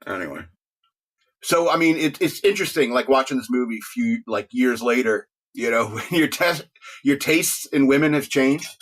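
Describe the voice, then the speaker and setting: A man's voice: fairly high pitch, a bit bright. A middle-aged man hosting a talk radio show, rambling casually, joking, laughing often and restarting his words.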